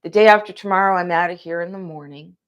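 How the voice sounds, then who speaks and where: A woman vlogging outdoors, telling a long personal story in a rambling, aggrieved, animated way. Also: on the low side, quick pace. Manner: aggrieved and animated, acting out quotes.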